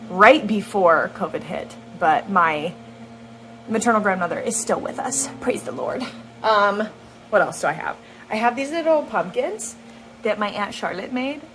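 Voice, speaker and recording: A woman's voice: mid-range voice, slight background noise, rough recording. Chatty young woman vlogging at home. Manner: chatty, laughs often, many ums and likes. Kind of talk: casual vlog storytelling. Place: at home indoors. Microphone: handheld camera on a gimbal.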